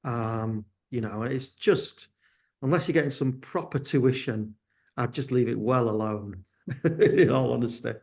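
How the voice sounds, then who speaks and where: A man's voice: medium pitch, a little slow, creaky, a little mellow. A sounding man answering interview questions, hesitant and candid, often restarting his sentences. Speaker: guest, company founder.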